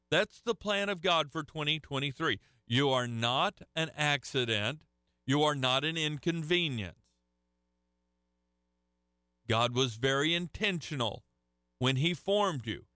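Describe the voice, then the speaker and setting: A middle-aged man preaching a sermon with a bright, crisp voice. He tells folksy stories and keeps restarting his phrases. The sound is dry and close. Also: on the high side, lively intonation, slow pace, no echo. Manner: folksy storytelling with frequent restarts. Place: church hall with a live audience.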